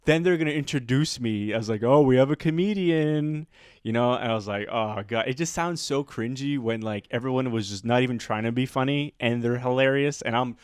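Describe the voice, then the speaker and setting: A man's voice: mid-range voice, brisk, few pauses, smooth, no room sound, clean studio sound. A man co-hosting a podcast, a comedian telling rambling stories full of fillers and laughter in casual chat.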